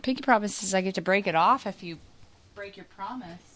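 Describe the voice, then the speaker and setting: A woman's voice: mid-range voice, brisk, fairly bright tone. A woman, the host's wife, chatting casually on a podcast, explaining at length with lots of fillers. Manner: rambling, explanatory, filler-heavy. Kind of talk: casual chat.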